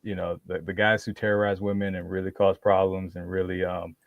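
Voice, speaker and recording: This podcast host has a deep voice and a brisk delivery as he tells a lively story, often laughing and voicing the people in it. The audio is narrow and tinny, with no room sound.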